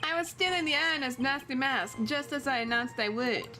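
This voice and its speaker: A woman's voice: sits high, a little fast, pushed and bright, soft background music. A woman reading the lines of a gloating male masked thief on trial in a courtroom game, in her own voice. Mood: smug. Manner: gloating, self-satisfied.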